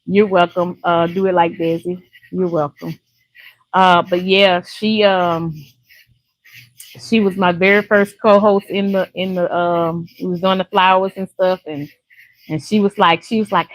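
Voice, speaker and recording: A woman's voice: mid-range voice, steady tone, unhurried, no room sound, rough recording. An older woman from Louisiana, chatting casually and laughing often with viewers on a live stream. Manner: chatty, laughs often, warm folksy talk.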